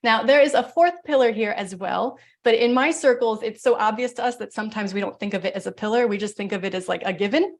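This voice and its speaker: A woman breathwork coach runs a live online workshop over a video call. Her voice is medium-pitched; she talks fast while explaining, then slows to a soothing pace when guiding the breathing.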